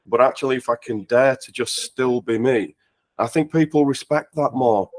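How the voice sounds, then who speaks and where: A man's voice: mid-range voice, normal speed. A man hosting an interview, reflective and affirming. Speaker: host. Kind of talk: conversational interview.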